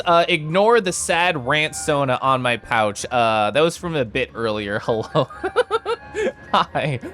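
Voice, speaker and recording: A man streaming a video game, chatting casually and excitedly while reading chat aloud and giggling. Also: a little high.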